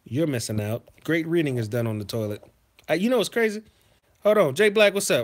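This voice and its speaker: A man hosting a casual livestream, reading chat messages and telling profane, animated stories from his childhood. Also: medium pitch, a little fast. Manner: profane, animated, swings into loud outbursts. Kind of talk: casual storytelling to a live chat.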